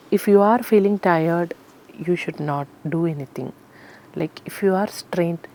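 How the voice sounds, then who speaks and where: Woman, classical singer being interviewed; low-set voice, halting and sincere. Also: a little mellow, slight background noise. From Kerala, India. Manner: earnest, explanatory, many fillers. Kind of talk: interview answers.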